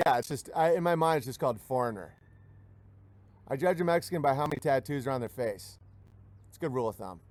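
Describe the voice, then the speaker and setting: A man's voice: medium pitch, animated, fast talker, a little mellow, no room sound. A man, a comedian, ranting jokingly and rambling, often slipping into mimicked voices. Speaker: comedian hosting a talk stream. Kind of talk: joking rant.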